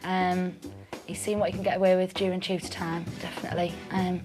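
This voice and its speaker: A woman's voice: lowish voice, flat delivery, brisk. A young woman teacher talking casually, amused and easily laughing, with filler ums. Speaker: form teacher. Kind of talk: casual interview and classroom talk. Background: background music.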